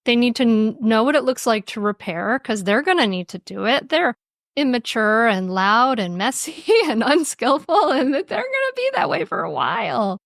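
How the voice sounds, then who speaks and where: A woman speaking as a podcast guest on parenting and mindfulness, gentle and reflective, often laughing lightly as she explains. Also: on the high side, very animated, moderate pace, gravelly, no room sound, studio quality. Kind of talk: podcast interview.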